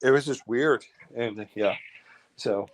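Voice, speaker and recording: Telling a story in an easygoing chat, this man speaks slowly at an ordinary pitch for a man, rambling with frequent restarts and fillers while imitating the people he describes. The recording is rough.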